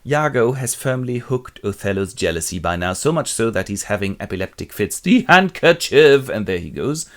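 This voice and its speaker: Wry animated male storyteller. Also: lowish voice, a little fast. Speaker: narrator and presenter. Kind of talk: comic retelling of a play.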